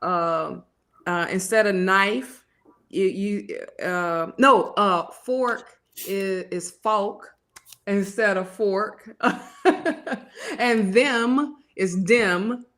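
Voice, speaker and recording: A woman co-hosting a casual chat, giggly and quick to exclaim. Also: mid-range voice, a bit bright. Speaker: co-host.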